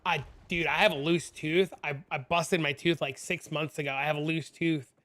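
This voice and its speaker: A man live-streaming a game from home, talking casually to his chat. His voice is slightly high with a bright, forceful edge. He tells stories in an animated way into a desk microphone. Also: normal speed. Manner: chatty, answers chat, animated storytelling.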